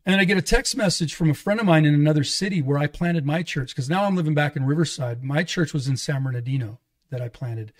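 A fast-talking pastor with a higher voice appears on a podcast to give a frank personal testimony. He tells it in a loose, rambling way, backing up to restart and acting out the quoted conversations.

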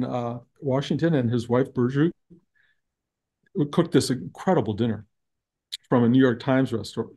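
An older man with a gravelly, husky voice tells long stories in a casual spiritual talk. He rambles and restarts often, and his tone is mellow and warm. He speaks over a video call. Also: mid-range voice.

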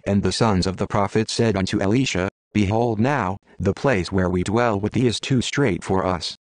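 A man giving a measured, solemn reading of King James scripture. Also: on the low side, no room sound. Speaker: Bible reader.

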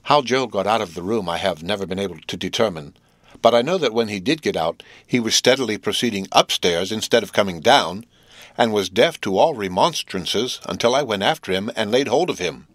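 A male audiobook narrator reading in a steady, measured way. His voice sits low. The recording is dry and close, with no room echo. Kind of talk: scripted narration.

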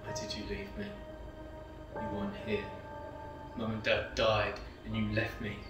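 A man's voice: on the low side, monotone, unhurried, natural voice. A young man playing a grieving younger brother, speaking in a raw, bitter, raised voice in a short film. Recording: roomy echo from a distance, music behind.

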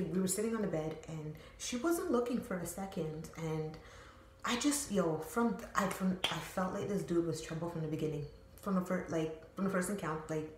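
A young woman tells a story from home in a loose, rambling way. She swears freely and fills her talk with slang. Her voice sits on the low side, and the room gives it a noticeable echo. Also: a little mellow, slight background noise. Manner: slangy, profane, filler-heavy rambling. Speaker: storytime vlogger. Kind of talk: casual storytelling. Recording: roomy echo.

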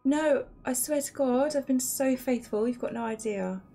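A woman's voice: high voice, moderate pace, gravelly, warm tone, soft background music. A woman voicing a sly young wife with a put-on Irish accent, who protests her faithfulness too insistently. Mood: coy. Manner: coy, overly insistent.

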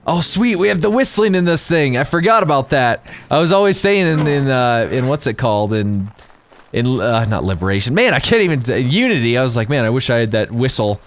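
A man giving casual, rambling let's-play commentary while gaming, excitable and quick to laugh. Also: medium pitch. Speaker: gaming YouTuber.

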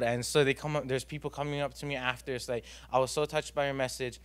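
Young man, earnest testimony, rambling with fillers, mid-pitched voice. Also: flat delivery, quick pace, smooth. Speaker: student youth leader giving testimony. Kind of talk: personal testimony. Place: church youth gathering.

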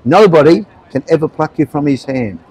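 A man's voice: on the high side, lively intonation, moderate pace, a little mellow, slightly rough, low-quality recording. An Australian man in his seventies preaching to young people on a street, earnest and chatty, checking in often with "right?" and "okay?". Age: 70s. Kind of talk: street evangelism to passers-by. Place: outdoors on a street.

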